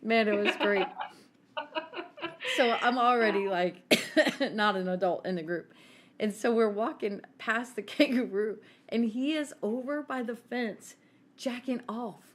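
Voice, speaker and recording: A woman co-hosting a podcast, telling a story in an animated, giggly way and acting out the quotes. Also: a little high, unhurried, background noise. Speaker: podcast co-host. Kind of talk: casual storytelling chat.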